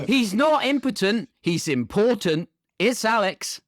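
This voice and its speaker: Man, 30s, podcast host, grand punning intros, fairly high voice. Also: very animated, unhurried, a bit bright. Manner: grandiose, pun-filled announcing.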